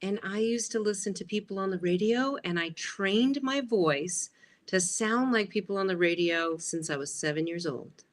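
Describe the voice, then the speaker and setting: A woman in her fifties, an interview guest, telling childhood stories in an animated way and acting out the voices in them. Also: medium pitch, moderate pace. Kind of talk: storytelling interview.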